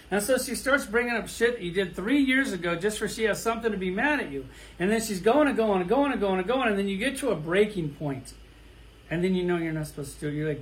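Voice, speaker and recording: A man's voice: sits high, fairly quick. A middle-aged man ranting bluntly and crudely, firing off rhetorical questions in a profane monologue. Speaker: toy collector vlogger.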